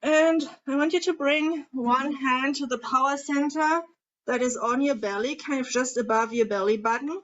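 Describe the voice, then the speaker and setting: A woman coach guiding a group tapping session in a calm way, asking the group questions as she leads them. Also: high-pitched, moderate pace. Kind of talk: guided coaching instruction. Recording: dull lo-fi audio.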